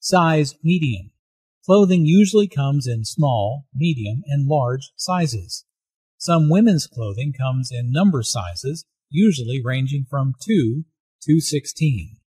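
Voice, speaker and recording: A man reading out explanations of English expressions in a plain, measured way. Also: mid-range voice, animated, a little mellow, slightly rough, no echo, studio quality. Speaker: English teacher. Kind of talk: scripted dialogue and teaching narration.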